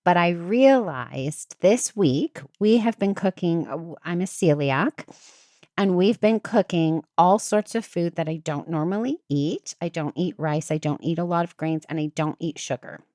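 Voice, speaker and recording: A woman hosting a podcast, chatting casually and acting out what people said with sudden jumps in pitch. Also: unhurried, no echo, clean studio sound. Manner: animated, acts out quotes with big pitch jumps. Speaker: podcast host. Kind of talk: casual storytelling chat.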